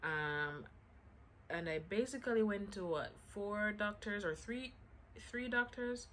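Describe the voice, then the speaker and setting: A woman's voice: mid-range voice, expressive, takes it slowly, fairly bright tone, slight background noise. A woman vlogger telling a casual storytime to her viewers in a chatty way, full of "like" fillers and self-mocking asides.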